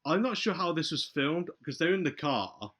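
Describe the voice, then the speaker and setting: A man's voice: fairly high pitch, moderate pace. A man casually retelling a film plot on a podcast, acting out the characters' lines as he goes. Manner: animated retelling, acts out movie lines.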